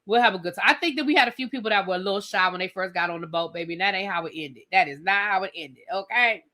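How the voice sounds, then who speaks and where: A woman's voice: mid-range voice, fast, sharp tone. A woman hosting a live reality TV review stream, chatty and sassy, talking straight to her viewers. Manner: chatty, sassy, addresses viewers as girl and y'all.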